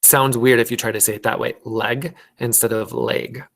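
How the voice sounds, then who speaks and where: A man with a Minnesotan accent teaches fourth graders in an online class, speaking in a medium-pitched, steady voice. He goes slowly and patiently, sounding out words phonetically.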